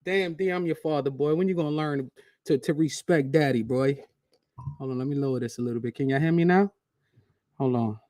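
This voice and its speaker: A man hosting a casual live reaction stream, talking to his chat in a slangy, relaxed way. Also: on the high side, brisk, no echo. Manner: slangy, talks straight to chat. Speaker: channel host.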